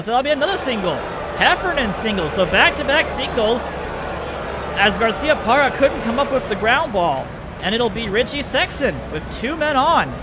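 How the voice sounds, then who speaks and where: High-voiced excitable male game commentator. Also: background noise. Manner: excitable, rising on big plays, self-correcting. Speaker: play-by-play commentator. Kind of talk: baseball video game commentary.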